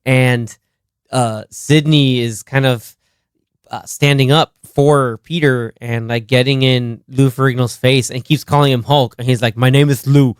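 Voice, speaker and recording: A man in the middle of a movie podcast chat, at an ordinary pitch, recorded dry and close. He recounts scenes with lots of energy, breaking into laughs and little impressions of the characters. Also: unhurried, smooth, no room sound. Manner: animated, laughing, acts out quotes. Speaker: podcast co-host. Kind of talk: casual movie discussion.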